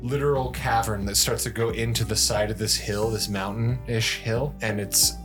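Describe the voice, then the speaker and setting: A man's voice: on the low side, steady tone, moderate pace, music in the background. A man narrating as game master in a casual, loose way, with lots of fillers and laughs.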